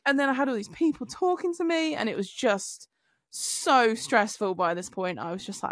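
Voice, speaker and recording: A woman on a podcast, telling an animated story with swearing. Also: fairly high pitch, moderate pace, no echo, studio quality. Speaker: podcast co-host. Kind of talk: casual chat.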